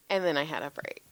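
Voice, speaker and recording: A woman, telling stories in a casual podcast chat, animated and laughing, often swearing and acting out what people said. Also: sits low. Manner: animated, laughing, swearing freely, acts out quotes. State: tired. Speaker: podcast co-host, massage therapist.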